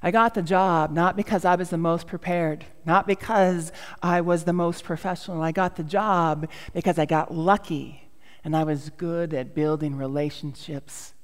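A woman's voice: lowish voice, steady tone, moderate pace, long reverb tail. Woman pastor preaching with playful humor. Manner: storytelling, self-mocking humor, acts out quoted voices. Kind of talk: sermon.

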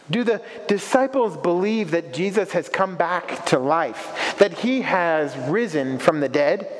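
Slow high-voiced male preacher. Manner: reflective, asks rhetorical questions. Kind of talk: sermon. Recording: long reverberant echo.

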